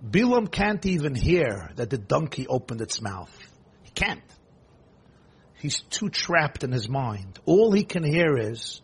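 Husky, animated man giving a sermon. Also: medium pitch. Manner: animated storytelling, rapid bursts of emphasis. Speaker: rabbi.

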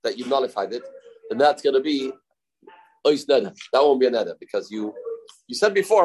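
A man's voice: medium pitch, animated, darkish tone, breathy edge, rough recording. A man teaching a Talmud study class, explaining in English with Hebrew and Aramaic terms and acting out the speakers he quotes. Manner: halting, self-correcting delivery.

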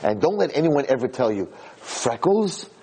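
A man voicing a kind, very old man who speaks slowly and tenderly. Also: mid-range voice, very animated, warm tone, a little hiss or hum, natural voice, poor audio.

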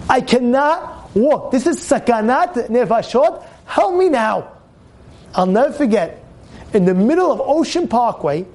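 A man tells a story in an animated sermon. His voice sits unusually high for a man. He restarts and repeats words as he builds the story. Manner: lively, repeats words, acts out quotes. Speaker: rabbi teaching a Torah class.

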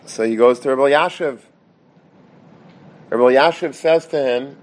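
A man's voice: mid-range voice, a little slow, pauses often. Man telling a dramatic religious story. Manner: stammering restarts and repetition; mixes Hebrew and Yiddish terms.

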